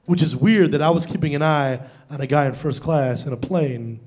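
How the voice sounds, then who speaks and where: Man, high voice, stand-up comic, animated storytelling, live stage mic. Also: moderate pace. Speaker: stand-up comedian. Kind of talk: stand-up comedy routine. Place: stage before a live audience.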